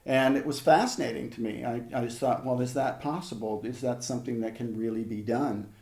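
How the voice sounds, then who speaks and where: An older man working as a hypnotherapist, telling stories in an interview in a measured, conversational way with frequent restarts. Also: mid-range voice, fairly even intonation, creaky, darkish tone, roomy sound. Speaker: hypnotherapist guest. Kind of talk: reflective storytelling in an interview.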